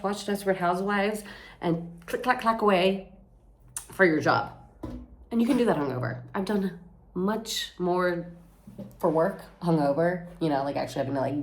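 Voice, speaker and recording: A young woman from Florida venting casually to her camera, rambling and swearing, mocking herself and jumping into loud high outbursts. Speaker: vlogger.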